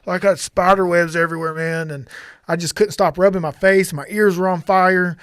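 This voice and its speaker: A man's voice: high voice, fairly even intonation, brisk, fairly bright tone, smooth, no echo, studio quality. A middle-aged man earnestly telling a personal story on a podcast, rambling and often restarting his sentences. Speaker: podcast guest sharing testimony.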